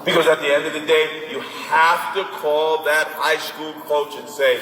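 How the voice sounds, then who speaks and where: A man giving a lively, conversational talk to parents about basketball recruiting and taking their questions in a large indoor hall. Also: a little high, moderate pace. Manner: animated and conversational, acts out parents and coaches. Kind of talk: informal talk to an audience with questions. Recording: echoey hall from far off, faint noise.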